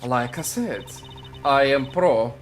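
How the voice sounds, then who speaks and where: A man voicing a scheming female card dealer in a put-on Russian accent, in a slow, sly, boastful delivery for a fan voice-over of a game. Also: medium pitch, animated, a little hiss or hum.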